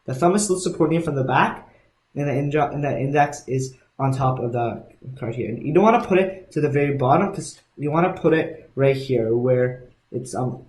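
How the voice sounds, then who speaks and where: A man's voice: mid-range voice, a little mellow. A young man teaching card sleights in a casual, rambling way, often restarting and correcting himself. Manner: rambling, self-correcting, many restarts and ums. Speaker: magic tutorial host. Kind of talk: casual instructional walkthrough. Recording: echoey room.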